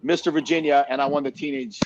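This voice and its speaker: A man hosting a casual chat, telling animated, profane stories and acting out what others said. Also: medium pitch, quick pace, muffled recording, a crowd in the background. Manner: animated storyteller, profane, acts out other people's lines. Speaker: host.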